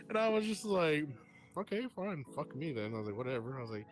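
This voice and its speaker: A man's voice: a little high, very animated, fairly quick, soft background music. A congested man co-hosting a casual podcast over virtual-reality voice chat, telling stories with lots of swearing and laughter. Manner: swearing, storytelling, laughs often. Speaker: podcast co-host.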